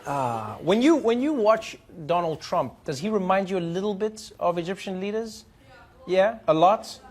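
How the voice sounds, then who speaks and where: A man's voice: sits high, moderate pace. A man, a comedian host, chatting casually and telling stories to a studio audience. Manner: chatty, animated storytelling.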